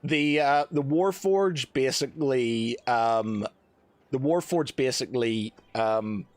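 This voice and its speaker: A man runs a tabletop game as dungeon master, his voice at a middle pitch. He narrates in a rambling way, full of fillers and restarts. The sound is close and dry, with no room echo. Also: takes it slowly.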